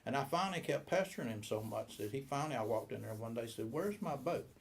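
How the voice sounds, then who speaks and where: A man's voice: medium pitch, animated, quick pace, gravelly. A man in his seventies who owns a boat shop, telling a long, rambling story in an interview and acting out the dialogue. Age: 70s. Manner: rambling anecdotal, acts out quoted dialogue.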